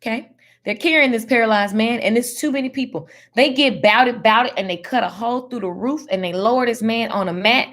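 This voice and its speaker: A woman giving casual Bible teaching in a slangy, animated, preachy way. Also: on the high side, a little fast. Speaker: faith teacher.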